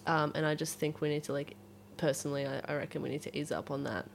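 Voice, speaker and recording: A woman's voice: low voice, flat delivery, fast, vocal fry, slight background noise. A woman in casual podcast chat, frank and joking, laughing often.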